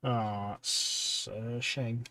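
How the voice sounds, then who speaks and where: Painting miniatures at home on a livestream, a man with a medium-pitched voice speaks extremely slowly. He chats casually and rambles, turning to his chat viewers between tasks.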